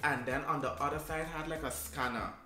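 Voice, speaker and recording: A man's voice: a little high, fairly quick. A young man telling a funny personal story in a vlog, acting out every quote as he goes. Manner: lively storyteller who acts out every quote. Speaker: vlogger. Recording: roomy sound with music behind.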